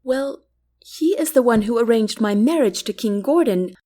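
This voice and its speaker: Formal guarded young queen, lady reading her in a storybook, lots of pitch movement. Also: expressive, moderate pace, warm tone. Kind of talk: audiobook character reading.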